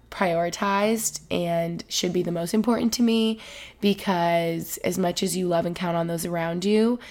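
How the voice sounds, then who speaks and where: A woman in her twenties hosting a casual solo podcast, rambling and emotional, with lots of "like". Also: on the low side. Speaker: podcast host.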